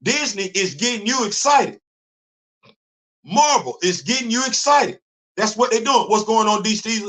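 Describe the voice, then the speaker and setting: Animated high-voiced male stream host. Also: measured pace. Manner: animated, rhetorical questioning, repeats himself. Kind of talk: live stream commentary.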